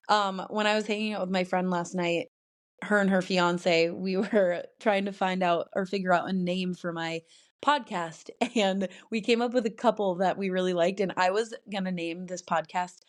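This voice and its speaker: A woman's voice: mid-range voice, fairly even intonation, measured pace. Chatty young woman rambling on her podcast. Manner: rambling, chatty, laughs often. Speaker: podcast host. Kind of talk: casual solo podcast chat.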